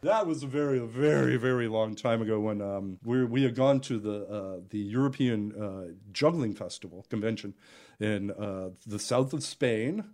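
A man's voice: on the low side, normal speed, a little mellow. A man who is a juggler and podcast guest, telling a story in casual conversation with lots of laughter, fillers and restarts.

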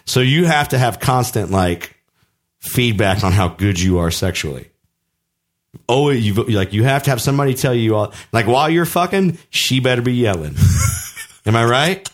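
A teasing, foul-mouthed man at middle pitch. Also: expressive, moderate pace. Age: middle-aged. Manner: teasing, profane, rambling with restarts. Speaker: podcast co-host. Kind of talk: crude, joking casual chat.

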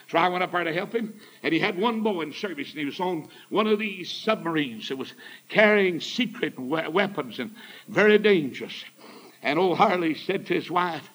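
A man's voice: fairly high pitch, fairly quick, a bit bright, breathy edge, rough recording. A man preaching a sermon in a folksy, fervent storytelling manner.

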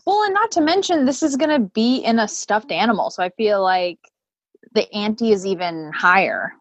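A woman's voice: medium pitch, big pitch swings, moderate pace, no room sound. A woman co-hosting a podcast in a casual, chatty way, hedging with lots of "like" and "I don't know.". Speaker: podcast co-host. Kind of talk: casual chat.

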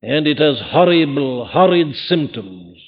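An older man preaching a sermon, earnest and full of rhetorical questions, his voice swinging between loud and quiet. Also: on the high side, very animated, measured pace. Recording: tinny phone-like archive recording in a large hall.

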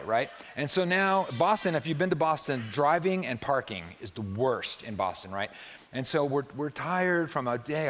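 A man preaching a sermon in a church, talking to the congregation in a relaxed, joking way and often checking in with them with "right?". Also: medium pitch, slight background noise. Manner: conversational and humorous, often asks the listeners "right?". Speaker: pastor.

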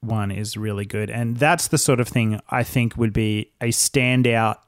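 A man speaking as a podcast guest in relaxed casual chat, with quick bursts. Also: on the low side, dry recording, studio quality.

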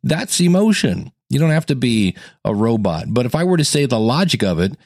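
A man's voice: mid-range voice, very animated, a little fast, a little mellow, dry recording, studio quality. A man hosting a solo podcast on how to podcast, talking conversationally and enthusiastically and acting out quotes. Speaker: podcast coach and host. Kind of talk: solo educational podcast monologue.

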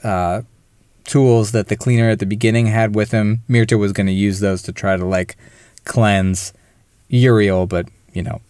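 A man's voice: lowish voice, steady tone, normal speed, a little mellow, clear, resonant tone, no room sound, studio quality. A man co-hosting a casual film podcast, retelling a plot in detail and acting out the characters' lines. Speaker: podcast co-host.

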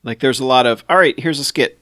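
A chatty man co-hosts a podcast, reading listener mail and laughing along with his friends. His voice is mid-pitched, and the recording is dry and close to the mic. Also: fast, fairly bright tone, dry recording. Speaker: podcast co-host. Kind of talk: casual chat.

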